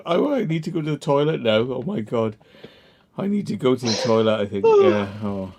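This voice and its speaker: Bloke hosting a late night stream on a video call, giggly, swears a lot, voice bouncing all over. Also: male voice, mid-range voice, huge pitch swings, a little fast, darkish tone, muffled recording. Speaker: livestream host. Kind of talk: casual drinking banter.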